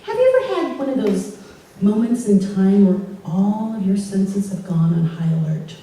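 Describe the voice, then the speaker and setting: Animated woman telling a story in an echoey hall. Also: medium pitch, moderate pace, far from the mic. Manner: animated, laughing through the telling. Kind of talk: live personal storytelling. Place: live storytelling event in a hall.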